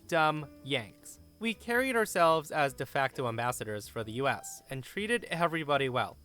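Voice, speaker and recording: A man narrating an online story in an expressive, animated way, with his own comments. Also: mid-range voice.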